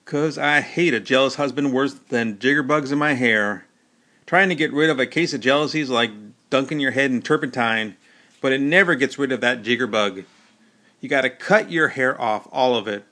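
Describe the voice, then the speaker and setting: A man's voice: mid-range voice, normal speed, pushed and bright, close to an everyday voice. A man voicing a bold, teasing young frontier army wife who talks in a blunt, folksy way, in an audiobook. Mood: coaxing. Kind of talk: audiobook character voice.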